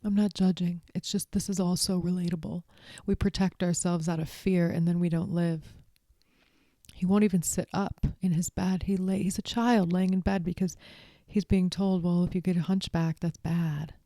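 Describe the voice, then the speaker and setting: A woman talking casually about a book in a chatty, expressive way, with frequent asides. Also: lowish voice, moderate pace, no echo, clean studio sound. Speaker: vlogger.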